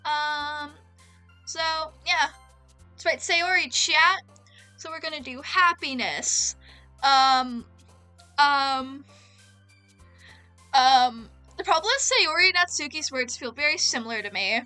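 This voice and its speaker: A woman with a high, bright voice talks unhurriedly through a gameplay session. She is chatty and giggly and keeps addressing her chat. Faint game music plays behind her. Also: slow, pauses often. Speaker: let's play gamer. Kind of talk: casual gameplay commentary.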